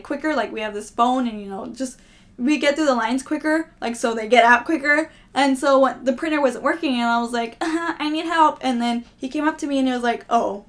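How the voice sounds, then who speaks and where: A young woman vlogger in casual, rambling, self-deprecating chat to camera, often laughing. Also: high-pitched.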